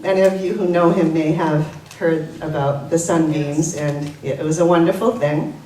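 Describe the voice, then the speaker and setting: Woman, slightly low, halting eulogy with fillers, heard from a distance in a roomy space. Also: fairly even intonation, warm tone, slight background noise. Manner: halting, many fillers, laughs through stories. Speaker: memorial speaker. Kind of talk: informal eulogy with anecdotes. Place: coffee house gathering. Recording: roomy, distant, live audience.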